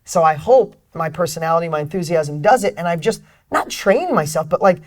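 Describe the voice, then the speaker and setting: A middle-aged man with a slightly high voice, speaking a little fast, appears as a guest author and speaker in an interview. His motivational talk is energetic and emphatic, shifting from loud bursts to soft asides.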